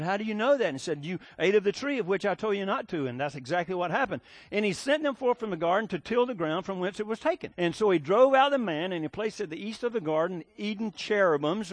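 A man with a high voice preaches a sermon in a folksy, storytelling manner, full of fillers and restarts. The sound is dry and close, with no room around it. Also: no echo. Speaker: pastor.

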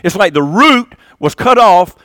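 Older preacher with dramatic swings. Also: male voice, expressive, a little slow, no echo, clean studio sound. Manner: dramatic swings between loud emphasis and quiet low asides. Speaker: pastor. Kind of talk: sermon.

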